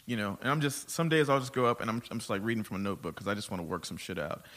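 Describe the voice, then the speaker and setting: Swearing, animated male comic telling stories. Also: lowish voice, rapid-fire. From Texas. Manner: profane storytelling, animated swings in volume. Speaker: stand-up comedian. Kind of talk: casual podcast chat.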